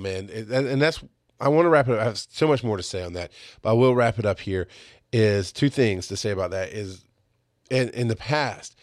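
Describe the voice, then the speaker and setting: Male podcast host, middle-aged, blunt and rambling, mid-pitched voice, dry sound. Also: dry recording. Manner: rambling, blunt, high-energy storytelling. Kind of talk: casual monologue.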